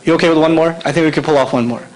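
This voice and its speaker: A middle-aged man giving a lively lecture to a live audience, often asking the crowd questions and laughing as he talks. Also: a little high, rapid-fire, low-quality recording. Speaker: Islamic lecturer.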